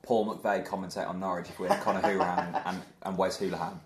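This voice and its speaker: A man's voice: deep voice, flat delivery, fast, a crowd in the background. A man hosting a football podcast in casual, jokey chat. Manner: chatty, jokey, laughs easily. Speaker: podcast host. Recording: echoey room.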